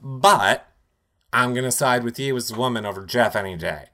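A man's voice: mid-range voice, normal speed, pushed and bright. A man co-hosting a podcast, chatting casually and gossipily, retelling events with lots of filler words. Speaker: podcast co-host. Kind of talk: casual recap chat.

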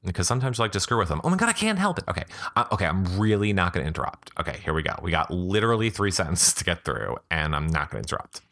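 Animated man riffing on gossip. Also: sits low. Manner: animated, interrupts himself, quick asides. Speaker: podcast host. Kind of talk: comedic blog reading with commentary. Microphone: podcast microphone.

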